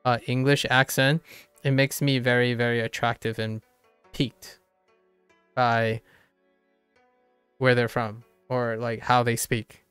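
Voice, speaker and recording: A man's voice: medium pitch, level tone, takes it slowly, pauses often, a bit bright, clean tone, no echo, faint music behind. A young man with a slight Southern American accent, chatting casually in a playful, rambling way and laughing often. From Southern United States. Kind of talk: casual chat.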